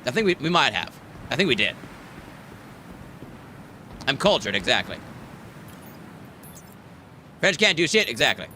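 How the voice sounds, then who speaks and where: A man's voice: medium pitch, very animated, unhurried, pauses often, sharp tone, slight background noise. An American man streaming a space game, chatting casually and joking with heavy swearing. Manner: profane, joking banter. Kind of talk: casual gameplay chat.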